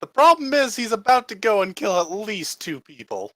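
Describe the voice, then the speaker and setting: A man's voice: sits high, sing-song, normal speed, pushed and bright, dry recording, studio quality. A man acting as game master, ruling on rolls and damage in a tabletop game. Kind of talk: running a tabletop game over voice chat.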